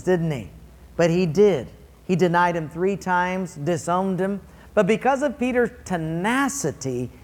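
A man's voice: high-pitched, in a large hall. A man preaching a sermon to his congregation, conversational and playful as he leads them. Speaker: pastor.

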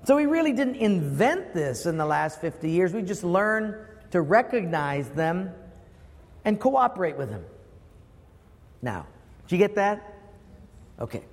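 A man's voice: high-pitched, very animated, slow pace, pauses often, long reverb tail. A man preaching a sermon, asking the congregation rhetorical questions with emphatic delivery.

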